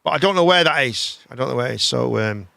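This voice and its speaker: A man hosting a live chat show, rambling in a casual, animated way and swearing freely. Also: mid-range voice, fast, gravelly, dry recording.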